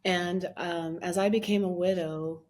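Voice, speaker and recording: A woman in her fifties telling her story as a podcast guest, animated, acting out her own past words with a lifted voice and laughing often as she talks. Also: fairly low pitch, measured pace. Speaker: guest, minister and life coach. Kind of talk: personal storytelling in a podcast interview.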